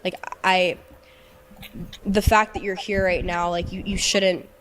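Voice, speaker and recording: A young adult woman telling an emotional personal story, halting and often repeating words as she restarts. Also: fairly low pitch, level tone, fairly bright tone, slight background noise. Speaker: guest telling her story.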